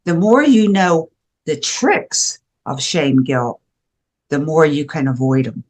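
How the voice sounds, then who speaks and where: With a deep, sing-song, darkish voice, this older woman from the USA takes her time as a guest educator on shame and guilt. Her conversational interview delivery is earnest and emphatic, full of restarts.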